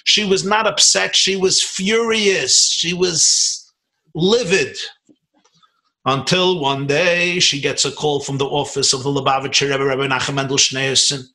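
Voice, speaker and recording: A man from Brooklyn, a rabbi, telling a story in an animated, emphatic lecture over a video call. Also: a little high, low-quality recording. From Brooklyn, New York, US. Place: home in a suburban area, on a video call. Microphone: video call computer mic.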